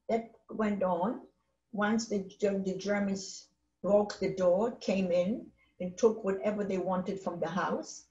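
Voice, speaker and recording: An old woman, recounting her own testimony. She talks in halting bursts and leans on words by repeating them. The recording is roomy and a little dull. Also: mid-range voice, dark tone. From Poland. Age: 80s. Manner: halting, emphatic retelling with repeated phrases. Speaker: Holocaust survivor speaker. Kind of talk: personal testimony.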